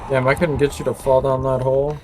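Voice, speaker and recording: A man on game voice chat swears freely and vents at the other side. His voice sits at an average pitch for a man. A faint ambient hiss runs under it. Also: level tone, fast, a little mellow. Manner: swearing, frustrated banter. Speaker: teammate. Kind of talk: casual gaming chat.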